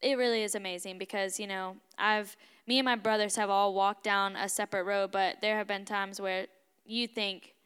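A young woman in college telling a personal story in an animated, emphatic way, laughing often as a guest on a talk show. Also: mid-range voice, moderate pace, clear, resonant tone, long reverb tail. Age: young adult. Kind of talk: casual storytelling.

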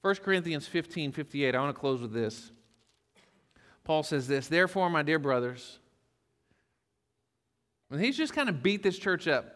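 Man, pastor, lightly raised pitch, folksy sermon delivery, long church-hall reverb. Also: very animated, normal speed, a bit bright. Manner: folksy storytelling with humor.

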